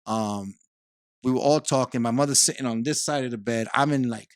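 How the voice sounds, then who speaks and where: A man, a guest on a podcast, telling a long personal story in casual conversation, animated and repeating himself as he talks. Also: mid-range voice, brisk, dry recording, clean studio sound. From Puerto Rico.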